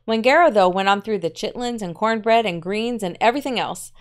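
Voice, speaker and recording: A woman literature teacher reading a story aloud and pausing to explain it in short asides. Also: medium pitch, clean tone.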